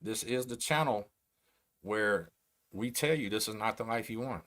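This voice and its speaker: A middle-aged man from Texas with a Texan accent, hosting a casual livestream and talking slowly, bluntly and streetwise. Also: fairly low pitch, fairly bright tone. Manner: slow, blunt, streetwise talk. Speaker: host.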